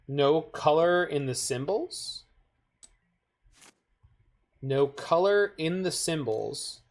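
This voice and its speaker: Slow-talking streamer doing casual card game commentary, dry jokey asides to chat. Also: mid-range voice, lively intonation.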